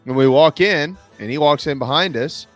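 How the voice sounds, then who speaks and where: A man's voice: a little high, moderate pace, soft background music. A man hosting a radio talk show, telling stories in casual chat from a studio microphone. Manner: storytelling with Southern "y'all".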